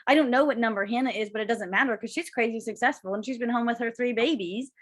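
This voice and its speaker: A woman's voice: on the high side, fast talker. Gushing, chatty young woman co-host. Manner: gushing, emotional, rambling. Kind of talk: casual podcast chat.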